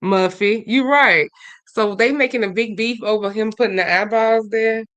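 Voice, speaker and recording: A woman hosting a casual livestream, chatting and gossiping as she reads out viewers' comments, swinging between loud bursts and low mutters. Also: normal speed, no room sound. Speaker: livestream host.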